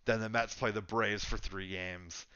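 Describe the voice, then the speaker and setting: A man's voice: lowish voice, fairly even intonation, a little slow, sharp tone, clean tone, no room sound, highs cut off. A man co-hosting a podcast, chatting casually and thinking aloud with lots of fillers. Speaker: podcast co-host. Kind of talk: casual sports chat.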